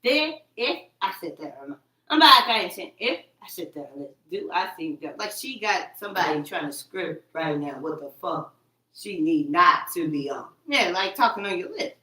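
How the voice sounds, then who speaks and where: A woman's voice: on the low side, lively intonation, moderate pace, bright, forceful tone. A woman talking in a rambling, agitated monologue, repeating herself, cursing and quoting her own words back. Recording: echoey room, far from the mic.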